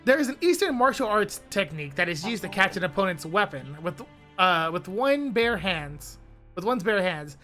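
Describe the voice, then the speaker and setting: Streamer lady narrating a visual novel, super lively pitch, bright voice, jokey asides. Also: moderate pace, soft background music. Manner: animated, breaks off with laughs and asides.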